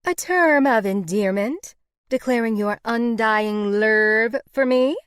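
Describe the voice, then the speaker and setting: A woman giving voice to a sharp-tongued young heroine in a romance audiobook, quick with sarcasm and bubbly banter. The read is close and dry, with no room sound. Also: mid-range voice, animated, no echo, pitched above the performer's own voice, natural voice. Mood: playful.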